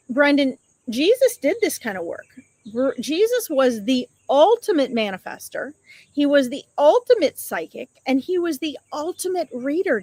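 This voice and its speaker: A woman with a slightly higher voice hosts a psychic live stream outdoors. She chats casually and affectionately as she reads viewer comments aloud and calls them sweetheart and buddy. The recording is dry and close. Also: no room sound. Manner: chatty and affectionate, greets viewers with pet names.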